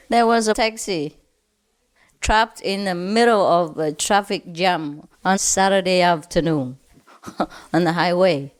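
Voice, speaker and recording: A woman spiritual teacher telling funny stories to a gathering, laughing often and pausing with "uh". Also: lowish voice. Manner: laughs often, with frequent "uh" pauses.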